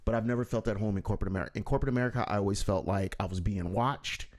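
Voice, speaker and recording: A middle-aged man hosting a podcast, telling stories in casual chat and acting out quotes with bursts of loudness. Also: on the low side, rapid-fire. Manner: animated storyteller, acts out quotes loudly. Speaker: podcast host and stand-up comedian.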